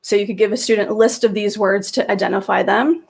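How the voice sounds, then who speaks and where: A woman's voice: medium pitch, steady tone, quick pace, gravelly, breathy edge. A woman presenting slides to teachers, explaining in a patient way with frequent fillers and restarts, speaking into a computer microphone on a video call. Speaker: teacher trainer presenting a webinar.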